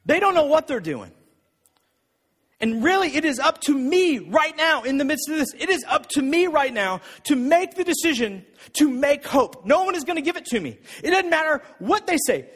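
A man preaching a sermon as pastor, telling a personal story with emphatic, repeated phrases and a husky voice. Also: very high voice, fairly bright tone. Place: church sanctuary. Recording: long reverb of a church hall.

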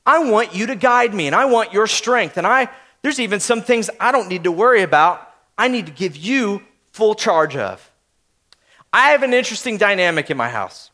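High-voiced man telling a sermon story. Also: lively intonation, moderate pace, pushed and bright. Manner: storytelling, conversational, speaks to the audience. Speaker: pastor.

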